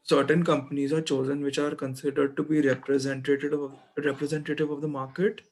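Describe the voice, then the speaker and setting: A young man speaks up in a classroom, answering his teacher with care and some uncertainty. His voice sits a little high and stays quite level. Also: little pitch movement, fairly quick. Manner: careful, slightly unsure answers with restarts. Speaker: student.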